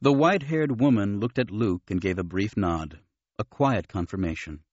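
A man narrating an audiobook with steady, expressive storytelling. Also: fairly low pitch, moderate pace, dry recording. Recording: dull, dry studio recording.

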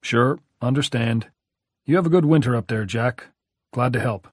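A man voicing a gruff, friendly middle-aged man, a reformed drinker who talks bluntly and heartily. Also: medium pitch, normal speed, dry recording, clean studio sound, close to an everyday voice. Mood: hearty.

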